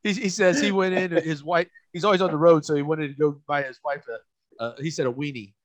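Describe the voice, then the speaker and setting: A man's voice: on the high side, steady tone, quick pace, dry recording. A man telling a crude, rambling story in casual podcast chat, stammering and restarting as he goes.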